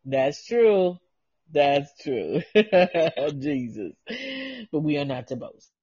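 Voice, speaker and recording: A woman's voice: deep voice, expressive, very slow, warm tone, husky, no echo. A woman pastor preaching a fervent, emotional sermon, tearful, crying out praise and breaking into tongues. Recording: dull lo-fi dry recording.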